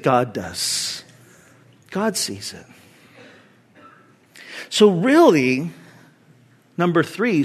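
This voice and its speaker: A man's voice: high-pitched, fairly bright tone. A man preaching a conversational sermon as a pastor, earnest and acting out the voices he quotes.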